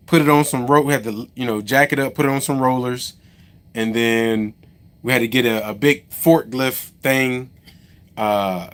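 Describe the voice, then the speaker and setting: This mid-range male voice belongs to a truck driver who owns a trucking company. He tells a story on a casual live stream, rambling with many restarts and asides to viewers.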